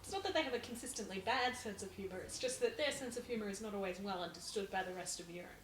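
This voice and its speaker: A woman's voice: medium pitch, fast. Playful woman on a noisy, echoey mic. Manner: playful, teasing. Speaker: podcast co-host. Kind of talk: casual commentary chat. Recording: echoey room with clear noise.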